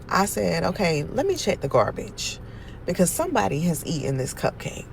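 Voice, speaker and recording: A woman telling a story about her niece and nephew in a casual vlog, animated and exasperated, with sudden loud outbursts. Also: mid-range voice, vocal fry, slight background noise, rough recording. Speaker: aunt telling a family story.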